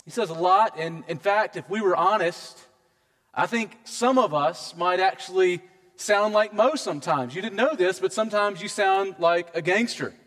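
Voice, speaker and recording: A man preaching a sermon as pastor, in a conversational, measured manner. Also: high-pitched, a bit bright, long reverb tail.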